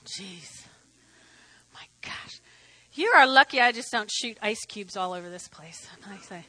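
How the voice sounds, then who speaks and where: A woman pastor preaching a sermon, emphatic, swinging between hushed asides and shouted declarations, hot and sweating. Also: a little high, expressive, brisk, dry recording, rough recording.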